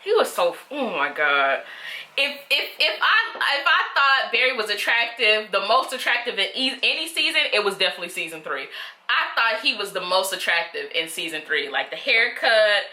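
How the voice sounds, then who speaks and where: Chatty, bright-voiced woman in an echoey room. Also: medium pitch, big pitch swings, moderate pace. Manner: chatty, opinionated, addresses viewers as "girl". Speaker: reaction vlogger. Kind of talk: casual reaction commentary.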